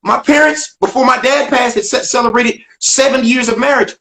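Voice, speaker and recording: This older man, a stand-up comic guesting on a video interview, has a sharp tone with vocal fry and speaks fairly quickly with fairly even intonation. Still, he tells his story emphatically, acting out dialogue and swinging his pitch widely. The recording room is echoey.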